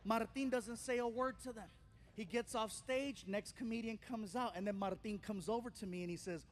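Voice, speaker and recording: A male stand-up comedian telling an animated story and acting out its characters. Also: sits high, normal speed, slight background noise. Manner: animated, acts out characters in his stories.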